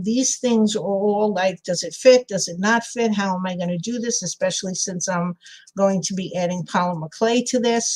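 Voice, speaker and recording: A woman's voice: mid-range voice, a little mellow, poor audio. A middle-aged woman with a New York accent, chatting casually on a crafting livestream, rambling, laughing often and answering viewers by name. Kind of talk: casual chat while crafting and reading live chat.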